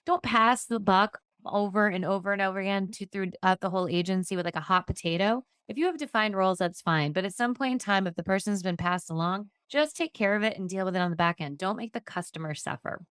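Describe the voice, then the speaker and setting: A woman's voice: mid-range voice, quick pace, hardly any pauses, fairly bright tone, clean tone, dry recording, clean studio sound. A woman hosting a podcast on customer-service training, talking in an upbeat, chatty way. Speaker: insurance agency trainer and podcast host.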